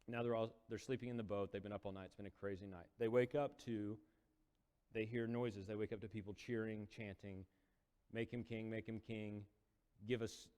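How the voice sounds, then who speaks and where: A male preacher with a somewhat low, slightly mellow voice retells a Bible story in a casual, storytelling sermon. He acts out the quotes with rising intensity, and a long hall reverb hangs on the sound.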